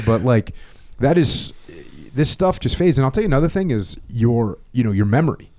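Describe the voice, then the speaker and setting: A man's voice: medium pitch, expressive, normal speed, darkish tone. A man hosting a podcast who talks casually and bluntly, with emphatic phrases and some swearing. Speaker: podcast host. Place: podcast studio.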